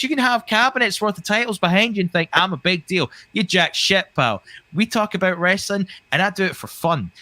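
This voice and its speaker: A man's voice: high-pitched, sharp tone, no room sound. A man co-hosting a wrestling podcast, talking with a heated, profane, ranting delivery. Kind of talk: casual podcast chat.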